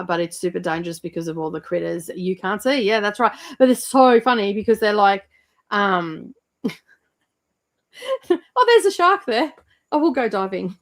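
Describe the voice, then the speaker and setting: A woman hosting a livestream, chatting casually and rambling with lots of fillers while she reads viewer comments. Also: lowish voice. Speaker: livestream host.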